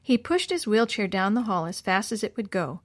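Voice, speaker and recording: A woman narrating a children's chapter book in a measured, clear reading. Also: mid-range voice, big pitch swings, no echo, clean studio sound. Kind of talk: storybook reading.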